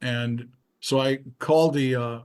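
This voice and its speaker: A man's voice: medium pitch, fairly even intonation, unhurried, darkish tone, clear, resonant tone. An older male musician in a casual interview, telling rambling stories with frequent restarts and asides. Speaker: musician guest.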